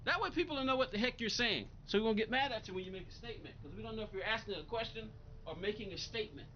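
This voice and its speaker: A man's voice: sits high, expressive, very fast, dull audio, slight background noise. A man live-streaming a racing game, chatting bluntly and with exasperation as he answers viewers' comments. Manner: blunt, exasperated, talks back to chat.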